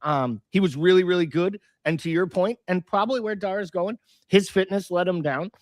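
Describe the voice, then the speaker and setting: A man's voice: sits high, no room sound. Analytical man with a dry, close voice. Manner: measured, analytical, lays out points in order. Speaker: podcast co-host. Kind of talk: casual football chat.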